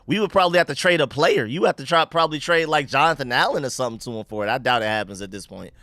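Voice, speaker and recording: A young man from the United States hosting a live stream, chatting casually and shouting out viewers and donations. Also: mid-range voice, rapid-fire, no echo, clean studio sound. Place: home room.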